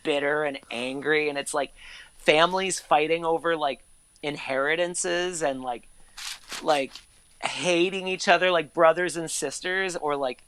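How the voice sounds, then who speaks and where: An actor and former court reporter in his thirties, appearing as a guest on an interview show, tells stories casually, with plenty of "like" and easy swearing. His voice is a little high and a little slow, fairly bright, clear and resonant.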